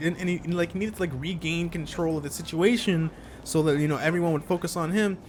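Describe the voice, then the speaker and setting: Rambling high-voiced young man telling a story. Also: fast talker, slight background noise. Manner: rambling with many restarts, gets worked up and loud. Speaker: podcast host telling a story. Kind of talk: casual storytelling chat.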